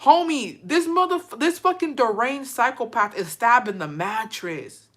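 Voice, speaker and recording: A woman with a bright, sharp-edged voice delivers a heated reaction commentary. She rants with profane outrage, swinging between disbelief and fury. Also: a little high, animated. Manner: profane, outraged, fast-shifting rant.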